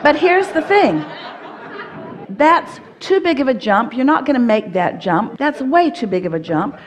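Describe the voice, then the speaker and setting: A woman's voice: high-pitched, sing-song, a little slow, a faint crowd, slight background noise. A woman teaching at a live seminar, speaking as "we" and coaching an audience member step by step in a firm, playful manner.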